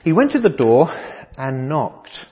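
A middle-aged man preaching a sermon, measured and dryly humorous, often restarting his phrases. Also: on the high side, big pitch swings, big-room sound, highs cut off. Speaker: pastor.

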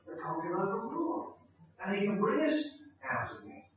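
A man preaching an expository sermon in an animated, emphatic way, repeating his key phrases. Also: high voice, moderate pace, slight background noise. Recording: echoey hall, distant mic, dull sound.

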